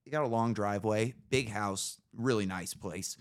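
A man's voice: on the low side, moderate pace. A man hosting a casual podcast, telling a story with plenty of swearing and acting out his own reactions. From Idaho. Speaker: podcast host.

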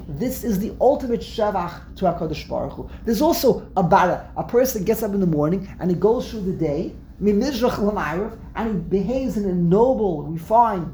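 A woman's voice: mid-range voice, normal speed, hardly any pauses. A woman teaching a religious text class, explaining with energy, often repeating words as she answers students in a classroom. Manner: animated explaining, frequent word repeats, answers student interjections. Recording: roomy echo, faint background noise.

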